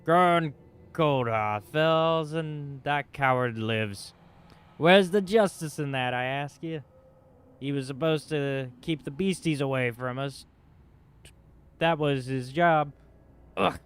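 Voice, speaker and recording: A man's voice: a little high, slow, pauses often, clear, resonant tone. A man voicing a stubborn, grieving dwarf cleric who speaks with bitter earnestness.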